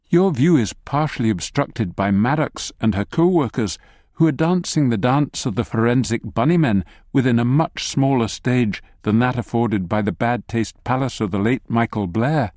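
Lively man narrating an audiobook. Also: medium pitch, no echo, clean studio sound. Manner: lively second-person storytelling with wry asides. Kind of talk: scripted narration.

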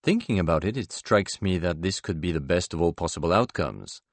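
A man with a very deep, low voice reads a first-person novel aloud. His delivery is measured, with a dry, ironic edge, and the sound is close and dead. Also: lively intonation, no echo. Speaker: audiobook narrator. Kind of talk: scripted first-person narration.

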